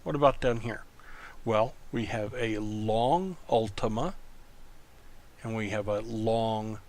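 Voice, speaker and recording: Male lecturer, slow and deliberate, gravelly fry in the voice, walks through rules step by step. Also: lowish voice, darkish tone. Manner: slow, explaining step by step with rhetorical checks. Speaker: Greek teacher. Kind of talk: recorded lecture.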